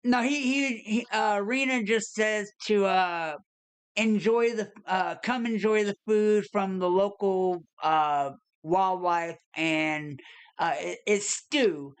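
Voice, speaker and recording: A woman's voice: mid-range voice, slow pace, clean tone. A woman running a tabletop game as game master, narrating with many fillers and hesitations.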